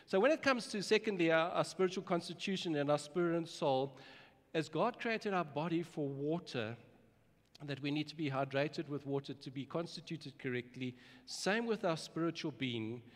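Earnest preacher, fairly high voice. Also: male voice, expressive, moderate pace. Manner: earnest, emphatic, repeats words when starting phrases. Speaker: pastor. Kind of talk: sermon. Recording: long hall reverb.

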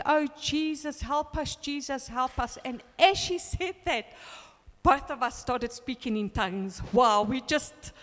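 A woman in her fifties giving a personal testimony, telling an animated story and acting out the dialogue. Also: on the high side, in a large hall.

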